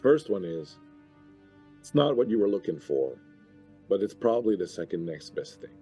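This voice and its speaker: A hoarse man who is losing his voice, narrating a tabletop game as dungeon master in slow, measured phrases. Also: fairly low pitch, big pitch swings, dark tone, faint music behind.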